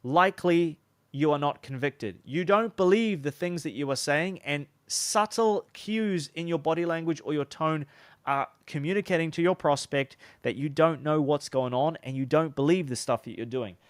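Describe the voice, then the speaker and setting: A man's voice: a little high, moderate pace, no echo. A young man teaching sales in a loose, chatty way, often restarting his sentences. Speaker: sales coach. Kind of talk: casual teaching talk.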